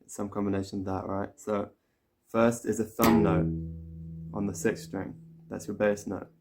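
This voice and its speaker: A man's voice: lowish voice, flat delivery, moderate pace. A man teaching a guitar lesson, explaining a picking pattern step by step in a casual way. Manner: explains step by step, counts and sings pattern syllables while playing. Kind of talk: casual instructional talk. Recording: loud guitar playing over the voice. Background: acoustic guitar playing.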